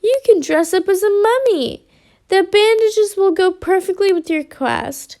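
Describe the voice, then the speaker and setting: A woman's voice: extremely high pitch, expressive, unhurried, darkish tone, pitched above the performer's own voice, heavily acted. A woman voicing a clumsy male mouse detective who keeps apologizing anxiously. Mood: apologetic. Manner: flustered, repeating apologies.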